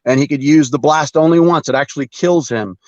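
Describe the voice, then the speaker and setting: A man as a guest in a casual chat about comics, talking haltingly with many fillers and frequent chuckles over a video call. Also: a little high, dry recording. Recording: dull dry video call audio.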